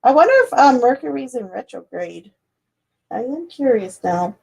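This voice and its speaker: A high-voiced woman reading tarot cards live for her viewers. She rambles in a loose, chatty way, laughing often and letting the odd swear slip. The tone stays casual and personal throughout. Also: sing-song, normal speed, vocal fry, darkish tone, breathy edge. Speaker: tarot reader. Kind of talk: casual livestream chat.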